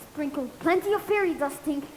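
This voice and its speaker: A woman's voice: high voice, normal speed, natural voice. A woman on a school stage playing a teasing, commanding boy hero, recorded in an echoey hall. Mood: cocky. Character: cocky ghostly boy hero. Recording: echoey hall, faint noise.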